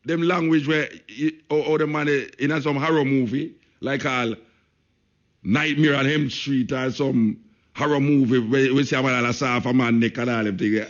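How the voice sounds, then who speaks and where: A Jamaican radio talk show host speaks patois from the studio, emphatic and hammering his points home by repeating phrases. His mid-range voice is steady in tone at normal speed, heard on a lo-fi broadcast.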